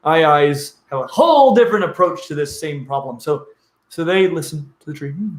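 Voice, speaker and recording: A man chats casually as a show host, playful and quick to slip into silly animal voices. His voice sits fairly high for a man. The room adds a noticeable echo. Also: lively intonation. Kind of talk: casual livestream chat. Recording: roomy echo.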